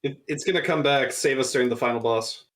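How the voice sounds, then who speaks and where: A man playing a tabletop game, speaking hesitantly with many pauses and fillers, in and out of character. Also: mid-range voice, fairly bright tone, slight background noise. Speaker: player.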